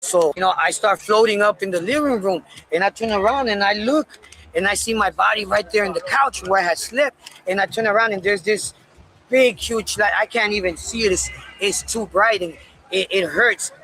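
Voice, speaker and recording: A man casually telling a personal story in a candid, profane, animated way. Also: sits high, moderate pace, a little hiss or hum, low-quality recording.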